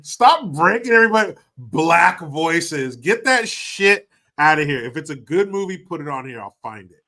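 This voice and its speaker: Podcast guy ranting, bright punchy voice, swoops all over, cussing a lot. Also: on the high side, normal speed. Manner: animated, swearing, mock-incredulous. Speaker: podcast co-host. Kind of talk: casual podcast banter.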